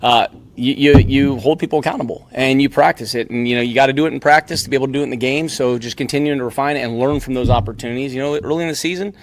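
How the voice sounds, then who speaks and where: A man who is a football offensive coordinator, answering press conference questions in a steady, practical way with many "you know" fillers. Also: medium pitch, rapid-fire, few pauses.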